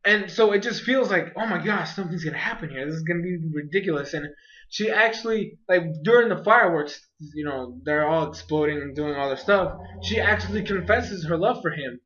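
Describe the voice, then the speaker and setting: Excitable high-voiced young man rambling. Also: brisk, lo-fi sound. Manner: rambling, excitable, lots of fillers. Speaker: anime reviewer. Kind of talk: casual video review.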